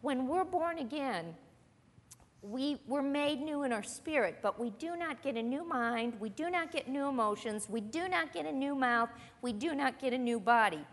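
A woman whose voice sits high, with lively intonation and a normal pace, teaches a Bible lesson in a church meeting room. Earnest and conversational, she poses questions to the people listening, and the recording has a hall's long reverb.

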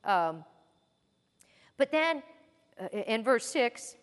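A woman's voice: fairly high pitch, moderate pace. A woman giving a folksy, conversational Bible teaching in a church hall, mixing scripture readings with personal stories. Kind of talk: sermon-style Bible teaching.

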